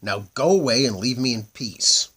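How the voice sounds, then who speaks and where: A man's voice: mid-range voice, expressive, normal speed, fairly bright tone, husky. A man voicing a grumpy, bent little old man who snaps impatiently in a storybook reading. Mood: snappish. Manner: snappish, impatient.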